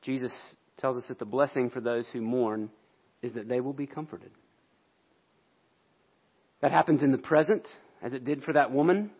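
A man's voice: mid-range voice, fairly even intonation, moderate pace, pauses often, slightly rough, muffled recording. A man pastor delivering a sermon in an earnest, explanatory way.

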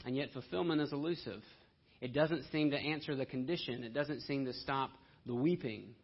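A man preaching a sermon, swinging between hushed and loud delivery. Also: medium pitch, slightly rough. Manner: dramatic shifts between soft and loud delivery. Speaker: pastor. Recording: dull lo-fi sound.

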